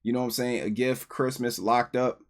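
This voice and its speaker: A man hosting a reaction video, talking casually and excitedly to his viewers with a lot of slang. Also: medium pitch, moderate pace, heavy background noise. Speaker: reaction channel host.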